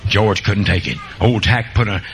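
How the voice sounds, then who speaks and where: Preaching a sermon at normal speed, a man tells folksy country stories, swinging between loud, high bursts and quiet, low asides. The recording is low quality.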